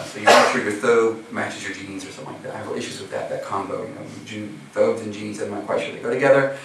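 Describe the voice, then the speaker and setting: A man's voice: fairly low pitch, fairly bright tone, slight background noise. Casual American male preacher, recorded far off in a very echoey hall. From USA. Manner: casual, chatty, heavy use of filler phrases. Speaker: Muslim preacher. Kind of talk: sermon.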